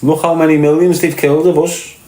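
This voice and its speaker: Speaking a little fast in a slightly high, warm, level voice, a Scouse man from Liverpool, England, rants bluntly and profanely as a podcast guest, repeating his points in a conversational monologue. It's a rough recording in an echoey room.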